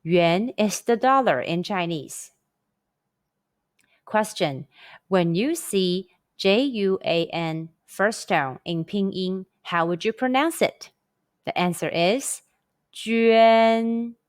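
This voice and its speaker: A woman teaching a scripted pronunciation lesson, speaking slowly and carefully with over-enunciated drills. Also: lowish voice, expressive, no echo, clean studio sound. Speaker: language teacher.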